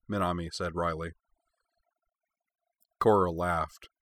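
A man narrating a story aloud in a steady, descriptive way. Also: deep voice, normal speed, dry recording. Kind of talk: read-aloud fan fiction narration.

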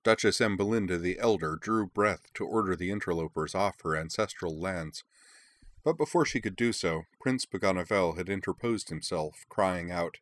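A man narrating a fantasy story in a measured, expressive storytelling manner. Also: deep voice, no room sound. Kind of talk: audiobook narration.

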